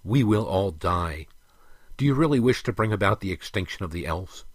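A man reading the part of a stern, weary elf king who lectures his son in a firm, measured way. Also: sits low, animated, husky, no room sound. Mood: grave.

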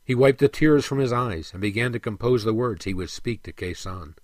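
A man narrating a storybook in an expressive, dramatic reading. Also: medium pitch, a little fast, no room sound.

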